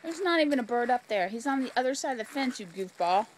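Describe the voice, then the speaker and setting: A woman's voice: on the high side, expressive, quick pace, a little hiss or hum. A woman filming in her backyard, chatting playfully and teasing her dogs. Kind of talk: casual home video talking to pets.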